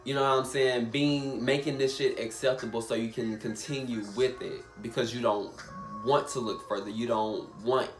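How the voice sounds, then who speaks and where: A man's voice: medium pitch, fairly even intonation, normal speed, few pauses, faint music behind. Emphatic young man ranting in an echoey room. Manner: emphatic, swears, repeats himself. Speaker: vlogger. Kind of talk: casual storytime rant.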